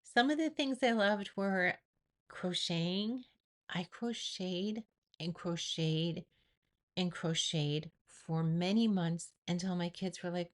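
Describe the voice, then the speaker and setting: A woman's voice: fairly low pitch, slow. Earnest middle-aged woman telling her story. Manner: earnest, reflective, with acted-out inner quotes. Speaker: vlogger sharing personal story. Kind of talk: personal storytelling to camera.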